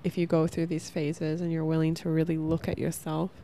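A woman's voice: deep voice, monotone, fairly quick, dark tone, a little hiss or hum. A young woman hosting a casual spiritual self-help podcast, rambling earnestly with lots of "like" and laughing at herself. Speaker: podcast host.

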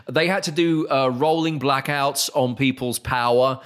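A man hosting a casual podcast chat, ranting with exasperation and climbing higher when he gets worked up. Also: measured pace, fairly bright tone. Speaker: podcast host.

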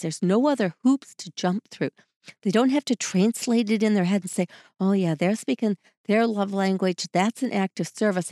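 A woman's voice: no room sound, studio quality. A woman hosting a relationship advice show, talking expressively and acting out the lines she quotes. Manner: expressive, acts out quoted lines with varied pitch. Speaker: podcast host.

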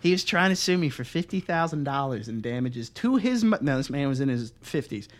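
A young man in his twenties co-hosting a podcast, telling a long profane story in a casual, animated way and laughing as he goes. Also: mid-range voice, a little fast. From Pennsylvania. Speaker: podcast co-host.

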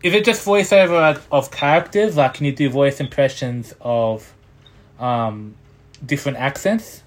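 A man hosts a casual conversation in a relaxed, encouraging manner. His voice sits at an ordinary middle pitch, and he often eggs his guest on. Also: a little slow. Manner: laid-back, encouraging, laughs often. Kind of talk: casual chat.

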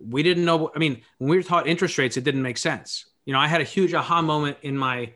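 A man's voice: on the high side, quick pace, fairly bright tone. A man who runs his own podcast, a guest here, thinking aloud in a reflective, philosophical way. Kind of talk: reflective conversational talk.

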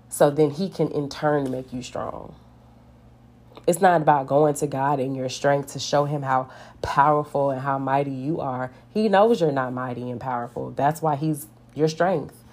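A woman's voice: sits low, dark tone. A woman giving an earnest, conversational devotional talk, reading scripture and speaking plainly, with many "like" fillers.

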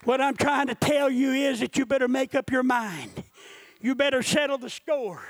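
In a sermon, a man preaches with a very high, piercing voice at normal speed. He shifts from quiet storytelling to impassioned shouting as he drives his point home. The recording is dry and close, with no echo or room sound.

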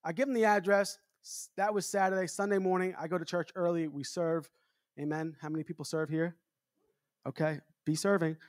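A man's voice: brisk, no echo, clean studio sound. An American man preaching a storytelling sermon at a church revival, joking and acting out the voices in his story. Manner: animated, jokey, acts out quotes with big pitch jumps. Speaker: evangelist preacher.

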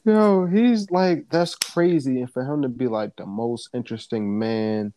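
A young man co-hosting a casual podcast chat, excitable and quick to swear and burst out laughing. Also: medium pitch, no echo. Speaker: podcast co-host.

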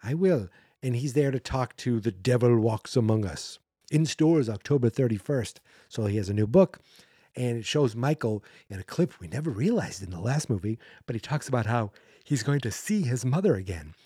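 A man talks through a movie in a loose, rambling podcast recap, sarcastic and unimpressed. His voice is dark and mellow at a middling pitch. The sound is dry and close, with no room around it. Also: expressive, brisk, husky, dry recording. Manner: sarcastic, rambling, acts out character quotes. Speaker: podcast host.

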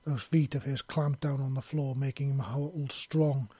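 Male narrator, dramatic fantasy audiobook read, husky mid voice, dry sound. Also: mid-range voice, steady tone, measured pace, dark tone, dry recording. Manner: dramatic, vivid storytelling.

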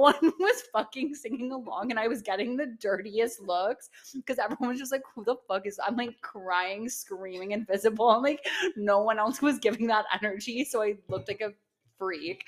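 A young woman co-hosting a podcast in casual chat, gushing and swearing freely, with lots of "like" and "um". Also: mid-range voice. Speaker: podcast co-host.

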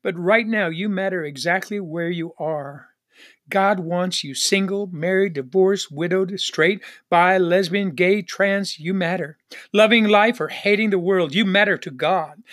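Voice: medium pitch, unhurried, fairly bright tone. A pastor delivering a broadcast sermon, repeating refrains and calling for an amen. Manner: repetitive preaching refrains, calls for amen. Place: Northern Arizona church ministry.

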